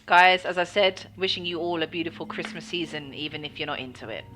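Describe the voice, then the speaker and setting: A woman's voice: low-pitched, fast, fairly bright tone, slight background noise. An English woman co-hosting a podcast, chatting casually, laughing often and swearing freely. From England. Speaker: podcast co-host.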